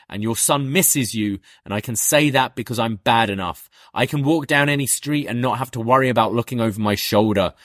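A man's voice: medium pitch, brisk, hardly any pauses, fairly bright tone, dry recording, studio quality, close to an everyday voice. A man reading out a smug male wrestler's taunts in a mocking, goading way. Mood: taunting.

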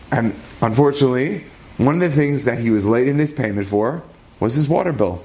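A man telling an inspirational story in an animated way, with dramatic pauses and shifting pace. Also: mid-range voice.

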